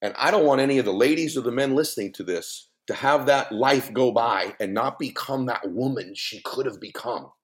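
A middle-aged man speaking as a guest on a podcast, telling a personal story in an earnest, emphatic way with big swings in pitch. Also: moderate pace, few pauses. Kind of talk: heartfelt podcast conversation.

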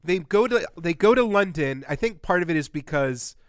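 Male podcast co-host, high voice, dry close mic, wry and excitable. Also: normal speed, dry recording. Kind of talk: casual podcast chat.

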